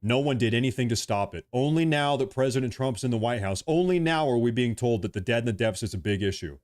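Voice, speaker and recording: A man in his early thirties from the United States talks fast at medium pitch, his tone a little mellow. He's a political commentator delivering a heated rant packed with repetition and swearing.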